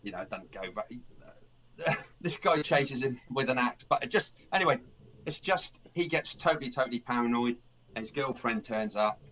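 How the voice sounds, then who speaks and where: A man's voice: mid-range voice, expressive, normal speed, a bit bright, poor audio. A man hosting a film podcast, telling a plot in a rambling casual way, with many restarts and acted-out lines. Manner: rambling, restarts a lot, acts out characters' lines. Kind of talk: casual film review chat.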